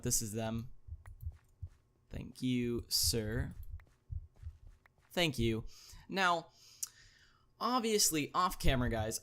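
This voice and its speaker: A man hosting a gaming video, thinking aloud as he plays, chatty, with excited interjections. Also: mid-range voice. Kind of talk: casual gameplay commentary.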